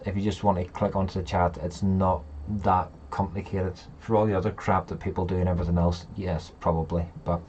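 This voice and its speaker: A man's voice: sits low, a little mellow, a little hiss or hum. A man hosting a casual live chat, rambling and talking straight to his viewers. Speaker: livestream host.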